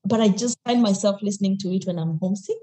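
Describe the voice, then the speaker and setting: A young Kenyan woman speaks in a mellow, dark-toned voice, candid and reflective, laughing often as she talks. Her voice rings in an echoey room, and she restarts phrases as she goes. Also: medium pitch, quick pace. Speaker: podcast guest. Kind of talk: podcast interview.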